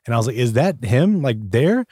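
A man's voice: mid-range voice, sing-song, moderate pace, dark tone, husky, no room sound, studio quality. A man co-hosting a casual chat, telling a rambling story and laughing often. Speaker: podcast co-host.

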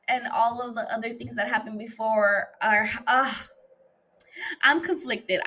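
A woman's voice: on the high side, a bit bright. Casual, profane young woman podcaster. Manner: loose, profane and playful, with frequent fillers and laughs. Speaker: podcast host. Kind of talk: casual solo podcast chat.

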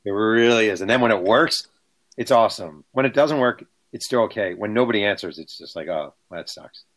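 A man's voice: on the low side, brisk. A man, a book author, telling anecdotes in casual conversation and acting out the people he quotes. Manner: animated, acts out quotes. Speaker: author guest. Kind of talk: casual storytelling.

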